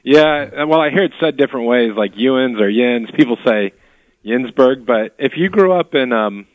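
A man's voice: mid-range voice, lively intonation, moderate pace, dry recording. A man from the Midwest co-hosting a radio talk show remotely, chatting with dry, understated humor. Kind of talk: casual radio chat over a phone line. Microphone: remote phone line. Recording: tinny phone line.

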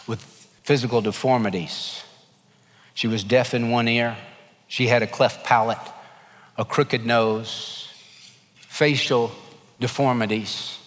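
A male pastor preaching a sermon, animated and emphatic, dropping to a hush for quieter passages. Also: medium pitch. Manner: animated preaching, swinging between emphatic and hushed. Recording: long hall reverb.

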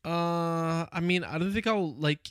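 A man's voice: on the high side, measured pace, fairly bright tone, smooth, dry recording, studio quality. A young man in casual podcast chat, telling stories in a rambling way with lots of fillers and restarts.

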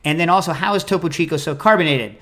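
Animated, opinionated man hosting a show. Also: fairly high pitch, fast talker. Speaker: host of a food call-in show. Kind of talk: casual chat, answering listener questions.

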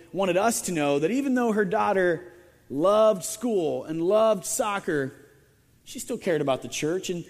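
A man's voice: sits high, darkish tone. A male pastor preaching a sermon in a conversational storytelling way, often restarting words and adding wry asides. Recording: long reverb of a large hall.

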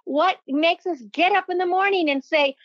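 Upbeat motivational guest, woman, high voice, dry and slightly dull recording. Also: moderate pace, no room sound. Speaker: podcast guest, motivational speaker. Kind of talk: enthusiastic interview talk. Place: home office library. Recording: dull, lo-fi sound.

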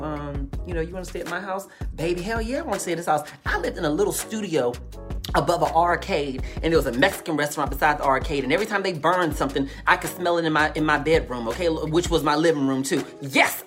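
A woman telling a candid story to her viewers in a casual, animated way, calling them honey and baby and repeating phrases for emphasis. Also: sits low, quick pace, faint music behind.

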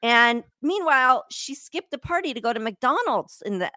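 A woman hosting a podcast in casual chat, animated, laughing often and breaking off mid-sentence. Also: high-pitched, moderate pace, no room sound. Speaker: podcast host.

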